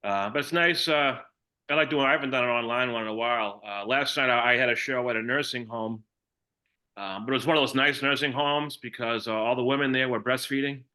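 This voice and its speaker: An older comedian with a Boston accent works through a stand-up set in a bright, forceful voice. He delivers deadpan one-liners, stalling on ums and restarting his sentences. His pitch sits in an ordinary male middle range. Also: fairly quick, clean tone. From Massachusetts. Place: online comedy show.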